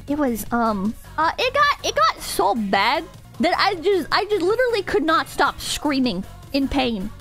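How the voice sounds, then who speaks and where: A young woman streamer telling a story to her chat, animated and swearing, with quick asides and laughs at herself. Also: very high voice.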